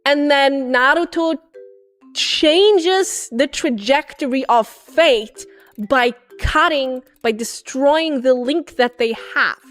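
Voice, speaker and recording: A high-voiced woman streamer rambling through a comic plot recap in a casual, excitable way. She restarts her sentences often and breaks into loud outbursts. Faint music plays behind her. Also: slow. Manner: excitable, rambling, bursts into shouts.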